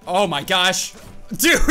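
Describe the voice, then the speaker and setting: An excitable man narrating his own gameplay live, yelping and shouting as he reacts. His voice is bright and tense, and his pitch leaps all over the place. Faint game music plays behind him. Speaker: gaming channel host.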